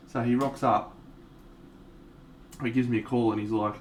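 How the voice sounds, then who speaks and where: A man's voice: mid-range voice, normal speed, creaky, pauses often, a little mellow. A man, chatting casually and swearing freely as he streams his miniature painting. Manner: laid-back, swears freely, tells an anecdote, laughs often. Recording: distant from the mic with faint background noise.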